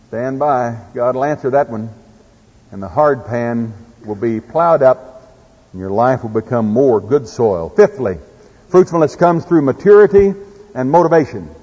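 Folksy Oklahoma preacher in an echoey hall. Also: male voice, mid-range voice, a little slow, a little mellow, husky. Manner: folksy, preaches with farm stories and scripture. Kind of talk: sermon. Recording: echoey hall, dull lo-fi sound.

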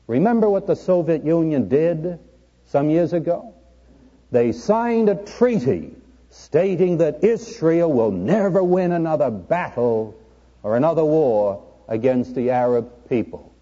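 A man preaching a sermon, his voice swinging up and down with a very dark, husky tone. He calls his listeners "friend" and slows down for emphasis. The dull old recording carries a long hall reverb. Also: on the high side. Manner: addresses listeners as friend, dramatic pauses. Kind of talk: sermon on prophecy.

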